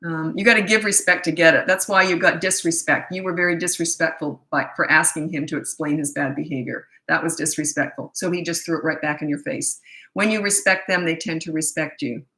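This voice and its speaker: A middle-aged woman runs a casual live parenting Q&A, talking bluntly and poking fun at herself. Her voice is bright and forceful, and the room around her rings with echo. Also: sits low, steady tone, fairly quick. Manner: chatty, blunt and self-deprecating, laughs at herself. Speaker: parenting coach hosting a live Q&A. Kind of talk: casual live-stream chat answering viewer questions. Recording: echoey room.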